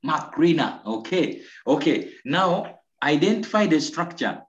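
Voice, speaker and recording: A Ugandan man teaching an online English lesson, slow and coaxing, repeating answers and praising his pupils. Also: mid-range voice, animated. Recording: roomy, dull lo-fi video call audio.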